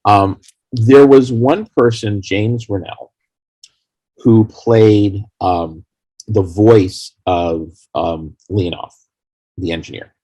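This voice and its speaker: A man with a husky, fairly low voice tells rambling anecdotes as an interview guest. He talks casually and with animation, and his voice sounds dry and close to the mic. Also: takes it slowly, warm tone, no room sound. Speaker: fan film creator, interview guest.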